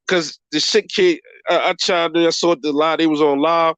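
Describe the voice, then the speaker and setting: A man's voice: fairly high pitch, a bit bright, clean tone, no room sound. A man hosting a boxing channel livestream, reading viewer comments in a profane, rambling way and calling everyone bro. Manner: profane, rambling, quick to laugh.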